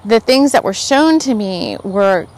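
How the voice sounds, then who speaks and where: A woman's voice: mid-range voice, animated, measured pace, darkish tone. A woman vlogger telling a rambling story in a chatty, casual way, laughing often and filling her talk with "like". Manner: chatty, laughs often, uses many fillers. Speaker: spiritual vlogger.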